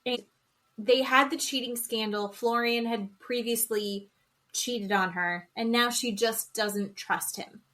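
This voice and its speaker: A woman's voice: fairly high pitch, slow. A woman co-hosting a podcast, casually recapping a reality show and animatedly acting out what people said. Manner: animated storyteller who acts out quotes. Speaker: podcast co-host.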